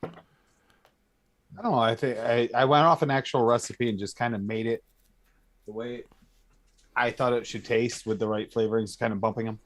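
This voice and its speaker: A man on a casual livestream chat, laid back and joking. His voice is mid-pitched and plain, with an unhurried manner. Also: steady tone.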